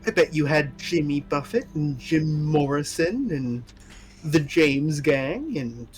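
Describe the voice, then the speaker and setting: A man's voice: a little high, animated, soft background music. A man chatting casually with a friend during a game, spinning silly jokes and little made-up scenes. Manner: jokey storyteller, puts on quick voices. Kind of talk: casual gameplay banter.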